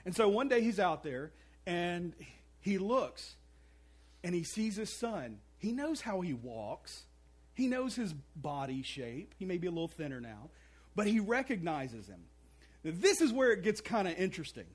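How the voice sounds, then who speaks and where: Animated, high-voiced male preacher. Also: moderate pace, husky. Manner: animated storytelling with playful asides and acted-out voices. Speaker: pastor. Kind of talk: sermon.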